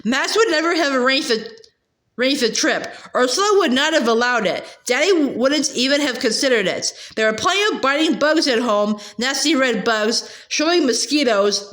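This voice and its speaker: Amateur reader, high-pitched woman, halting and hesitant delivery. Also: a bit bright. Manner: halting, with many filler sounds and restarts. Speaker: audiobook reader. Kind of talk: reading a novel aloud.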